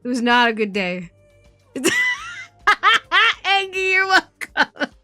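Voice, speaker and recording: A woman streamer chatting casually, telling a story in an animated, swearing way and laughing often. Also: on the high side, takes it slowly, dry recording, soft background music. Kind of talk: casual chat.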